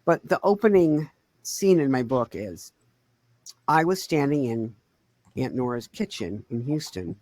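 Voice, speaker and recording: A middle-aged woman co-hosting a podcast, telling a family story in casual chat, swinging between quiet and loud. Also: a bass voice, expressive, unhurried, no echo. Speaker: podcast co-host.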